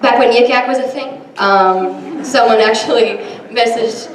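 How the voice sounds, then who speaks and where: A young woman with a slightly high, unhurried voice is doing a self-deprecating stand-up set in front of a live audience. She chats her way through it with plenty of ums, in a large hall. The recording is distant and echoey, backed by laughter and room noise.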